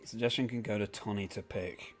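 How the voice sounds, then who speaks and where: A man's voice: lowish voice, fairly even intonation, brisk, faint music behind. A man casually chatting on a live game stream, greeting viewers by name and answering their comments as he plays.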